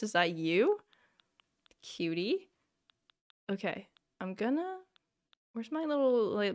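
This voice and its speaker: Here a woman with a slightly high, somewhat bright voice chats with viewers during a live gaming stream. Her reactions are full of self-mocking exclamations.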